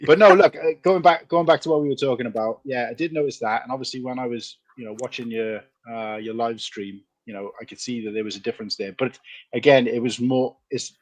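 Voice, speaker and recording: A Welsh man hosting a casual online chat show, talking in a loose, rambling way with quick asides. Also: mid-range voice, no room sound. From Wales. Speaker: podcast host.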